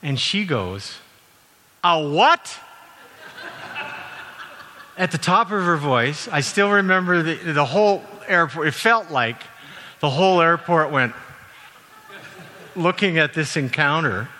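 A middle-aged man from Canada preaching a sermon in a relaxed, conversational way, with frequent fillers and self-corrections. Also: a little high, unhurried, slight background noise. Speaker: university president and former minister. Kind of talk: sermon with personal anecdotes. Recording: long reverb from a large hall.

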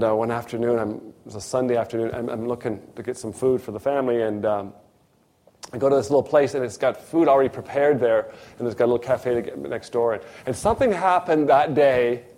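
With a mid-range voice and a fairly quick pace, a middle-aged man preaches a sermon built around a personal story. He shifts energetically from loud, emphatic lines to hushed, quiet asides.

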